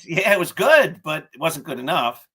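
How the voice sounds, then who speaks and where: A man's voice: fairly high pitch, moderate pace, slightly rough. A middle-aged man hosting an interview podcast, chatting casually and laughing as he tells stories. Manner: animated, laughs while telling stories. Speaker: podcast host.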